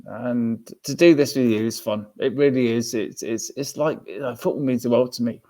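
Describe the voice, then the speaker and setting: A man's voice: mid-range voice, normal speed, dark tone. Heartfelt, rambling man talking football. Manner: heartfelt, rambling, repeats himself. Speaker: podcast guest, football fan. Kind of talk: casual podcast chat. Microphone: remote call.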